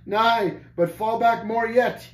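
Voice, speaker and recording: A man voicing a bold, fearless knight who shouts commands, reading a storybook aloud. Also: very high voice, fairly even intonation, slow pace, voice pushed up. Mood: fierce, commanding. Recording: roomy church hall.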